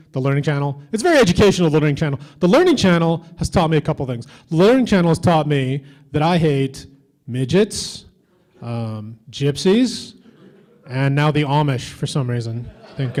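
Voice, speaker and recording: A man from the Philippines performing a stand-up comedy set at a convention, offhand and deadpan with lots of fillers. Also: fairly high pitch. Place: convention stage before a crowd.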